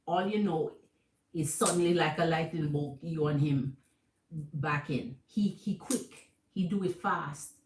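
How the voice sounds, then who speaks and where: A woman with a Jamaican accent giving a tarot reading to viewers, animated and repeating herself, calling listeners Queen. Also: low-pitched, unhurried, a little hiss or hum. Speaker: tarot reader. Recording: echoey room.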